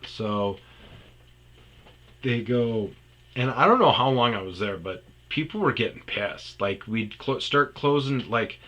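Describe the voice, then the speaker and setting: A man's voice: fairly low pitch, fairly bright tone, rough recording. A man telling rambling, profane comedic stories about his past on a podcast. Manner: rambling, profane, slips into impressions. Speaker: podcast storyteller. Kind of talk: casual comedic storytelling.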